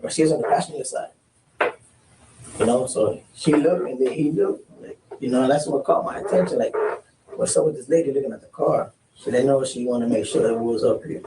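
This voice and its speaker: Animated man recounting events, distant roomy sound. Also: mid-range voice, fairly quick. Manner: animated storyteller, acts out quoted exchanges, street slang. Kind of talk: recounting a story under questioning. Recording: roomy, distant mic, faint hiss.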